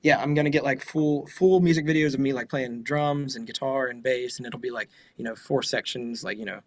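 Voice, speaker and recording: Young man talking fast, easygoing. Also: medium pitch, a little mellow, no room sound. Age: young adult. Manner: eager, quick, laughs often. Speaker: guest, musician and entertainer. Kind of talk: casual chat.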